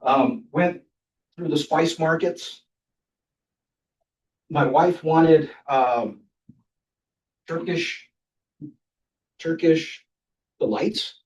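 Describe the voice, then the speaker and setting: A man's voice: on the high side, extremely slow, long pauses. An older man giving a humorous speech at a club, telling travel anecdotes and chuckling between them. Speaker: club speaker. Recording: roomy sound from a distant mic.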